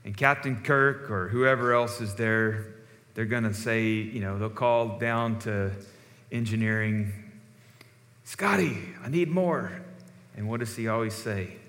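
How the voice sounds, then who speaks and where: A man's voice: fairly low pitch, unhurried. Conversational male pastor in a reverberant hall. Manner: conversational, relaxed storytelling with fillers. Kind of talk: sermon.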